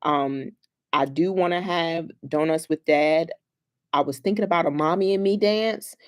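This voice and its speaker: A young woman counselor from a school laughs often and uses playful slang as she tells animated stories in a casual livestream chat with families. Her low-pitched voice moves at a normal speed.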